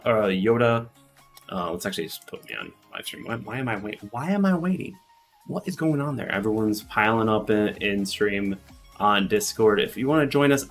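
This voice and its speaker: A man's voice: on the low side, fairly bright tone. A man with a Midwestern accent, casually chatting and explaining on a game stream, with lots of fillers. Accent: Midwestern American.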